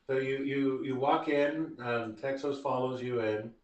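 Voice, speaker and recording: A man narrating as game master of a tabletop game, halting and repeating words. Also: mid-range voice, fairly even intonation, dull audio. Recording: roomy, distant mic.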